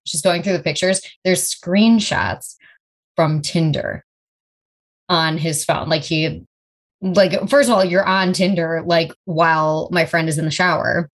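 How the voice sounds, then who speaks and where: A woman guest on a podcast, telling a story in a relaxed, chatty way with many fillers. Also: lowish voice, unhurried. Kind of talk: casual chat.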